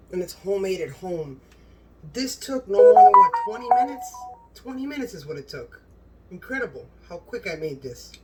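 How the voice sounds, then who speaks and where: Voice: mid-range voice, darkish tone, recorded from a distance, a little hiss or hum. A cooking channel host in a home kitchen, gushing and exclaiming as they talk straight to viewers while tasting the food.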